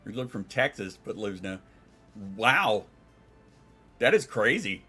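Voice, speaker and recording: A man's voice: lowish voice, big pitch swings, takes it slowly, long pauses, sharp tone, husky, faint music behind. A man streaming from home, chatting casually and rambling, swearing and reading out chat messages.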